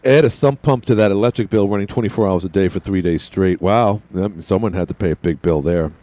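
A man's voice: deep voice, fairly quick, warm tone, no room sound. A middle-aged man hosting a call-in radio show, rambling along and often stammering and repeating his words. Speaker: radio talk show host.

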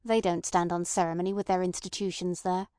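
A woman's voice: on the low side, little pitch movement, brisk, dark tone, smooth, no room sound, studio quality, lightly acted. A woman doing the voice of Ossipon, an agitated male anarchist. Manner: blunt, agitated.

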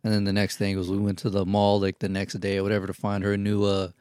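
A man's voice: lowish voice, completely flat delivery, fast talker, darkish tone, clean tone, no echo, studio quality. A man telling a wild story in casual, profane podcast chat, acting out the quotes. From Houston, Texas.

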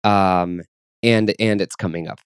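A man talking openly about his feelings in a relaxed chat, earnest and searching, with many fillers and restarts. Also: low voice, measured pace, clean tone, no echo, studio quality. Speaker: guest. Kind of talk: reflective personal chat.

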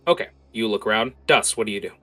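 A man narrating a tabletop game as its game master, animated and full of filler words. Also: fairly low pitch, fast talker, soft background music.

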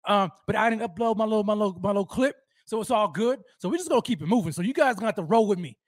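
Hyped, high-voiced man hosting a fan show. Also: lively intonation, racing, no echo, studio quality. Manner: hyped, rambling, repeats himself; slangy street talk. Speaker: sports show host. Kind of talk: live-streamed fan talk show.

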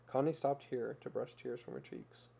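A man narrating a story in a measured, earnest reading style. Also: medium pitch, steady tone, creaky, mellow, slightly rough.

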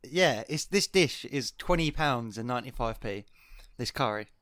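A man's voice: mid-range voice, moderate pace, dry recording, studio quality. A man telling a story in casual podcast chat, acting out the quotes with sudden exclamations. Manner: animated, acts out quotes with rising exclamations. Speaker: podcast co-host.

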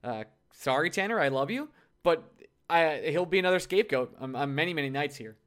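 A man co-hosting a casual sports podcast, talking in an animated, joking and self-deprecating way. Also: on the high side, fairly quick. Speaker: podcast co-host.

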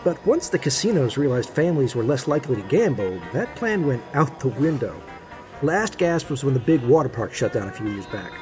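A man's voice: medium pitch, sing-song, brisk, music in the background, lightly acted. A young man narrating his own story in an audio drama, wry and conversational. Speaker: narrator and lead character.

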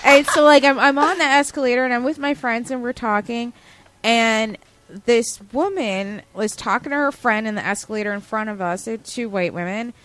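Sassy, animated woman telling a story. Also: fairly high pitch, normal speed, slight background noise. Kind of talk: casual group chat.

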